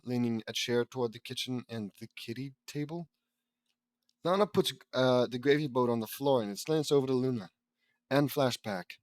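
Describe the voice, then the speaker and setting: A young man reading a fan fiction audiobook aloud, stumbling over words and mocking the text in casual asides, louder on character lines. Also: medium pitch, dry recording. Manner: flat tags, bursts louder on character lines.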